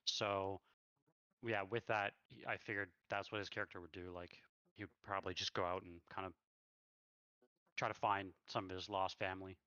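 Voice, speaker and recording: A man's voice: low-pitched, level tone, normal speed, bright, forceful tone, dry recording, highs cut off. A man running a tabletop game, chatting casually and thinking aloud over a voice call. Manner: laid-back, thinking aloud. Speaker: game master. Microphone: online voice call.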